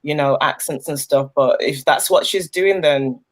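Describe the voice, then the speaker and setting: A panelist from a Caribbean background joins a casual podcast chat, easygoing and agreeable. The voice sits at a middling pitch. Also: normal speed, a crowd in the background. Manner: easygoing, agreeable, many mm-hmms. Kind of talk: casual chat recapping a reality show.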